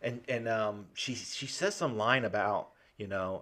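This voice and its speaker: A man's voice: lowish voice, measured pace, bright, forceful tone. A man co-hosting a casual chat, retelling a film's plot with lots of swearing and acted-out quotes. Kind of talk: casual movie recap chat.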